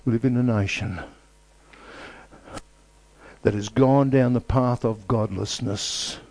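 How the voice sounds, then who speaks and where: A man preaching a sermon with emphatic, repetitive phrasing and dramatic pauses. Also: mid-range voice, darkish tone, no room sound.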